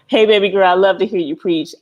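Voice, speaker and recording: A middle-aged woman hosting a casual live stream, blunt and animated, laughing often as she chats. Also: mid-range voice, lo-fi sound, a little hiss or hum.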